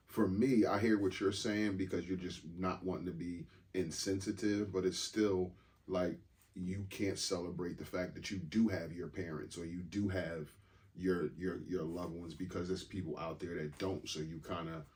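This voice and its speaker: Very deep-voiced man podcast host. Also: fairly even intonation, normal speed, darkish tone. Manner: loose, reflective, swears casually. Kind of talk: casual chat.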